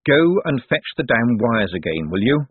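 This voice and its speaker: A man's voice: mid-range voice, sing-song, normal speed, husky, dry recording. A man voicing a glib, articulate young man in charge who speaks in a wordy, ironic way over a tinny phone-like line.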